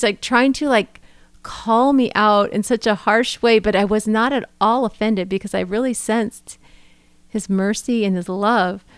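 A woman co-hosting a podcast, telling a story casually with frequent laughter and lively quoted dialogue. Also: mid-range voice, clear, resonant tone, dry recording, studio quality. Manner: laughing often, animated retelling with quoted dialogue. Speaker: podcast co-host.

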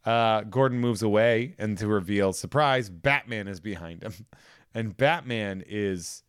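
Here a man with a low, slightly deep voice retells a plot on a podcast, loose and jokey, swearing as he goes. The sound is close and dry, with no room around it. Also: a little slow, smooth, no room sound. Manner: loose, joking, swears freely, acts out lines. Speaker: podcast co-host. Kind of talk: casual comic plot recap.

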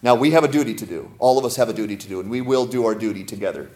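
A male pastor giving a sermon in a conversational style, asking the congregation questions, slowing down and softening to read scripture, and joking with laughter in between. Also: fairly low pitch. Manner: slows and softens when reading scripture aloud.

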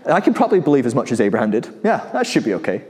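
Chatty preacher in a reverberant hall. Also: male voice, medium pitch, sing-song, racing, a little mellow. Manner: conversational, rhetorical questions, chuckles. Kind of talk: casual sermon.

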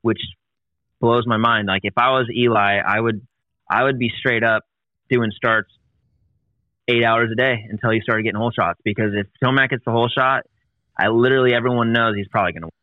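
A man's voice: medium pitch, fairly even intonation, brisk, no room sound. Rambling man, muffled dry sound. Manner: rambling, restarts often, laughs easily. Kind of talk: casual chat.

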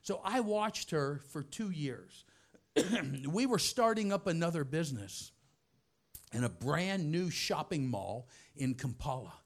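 A man preaching through a personal story, swinging from hushed softness to loud shouting. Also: on the high side, animated, measured pace. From United States. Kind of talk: storytelling sermon.

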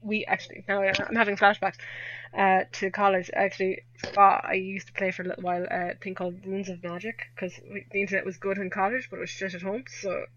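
A woman's voice: mid-range voice, flat delivery, fast, fairly bright tone, slight background noise. A young woman with an Irish accent chatting casually as a guest, laughing often and poking fun at herself. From Ireland. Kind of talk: casual chat. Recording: dull lo-fi dry audio.

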